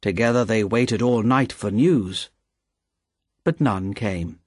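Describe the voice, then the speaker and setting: Slow, husky male audiobook narrator. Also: lowish voice, dry recording, studio quality. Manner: measured, expressive reading. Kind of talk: scripted narration.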